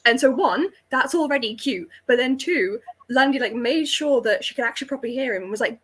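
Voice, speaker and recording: This young woman co-hosts a podcast, telling rambling stories packed with fillers and lots of "like." Her voice sits high with lively intonation, a little bright and husky, and she talks briskly with few pauses.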